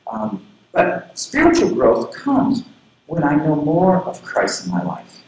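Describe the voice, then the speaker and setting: Earnest preacher man, very echoey hall. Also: slow. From southern Florida. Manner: earnest, personal storytelling with lively pitch swings. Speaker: pastor. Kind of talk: sermon. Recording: very echoey room with faint background noise.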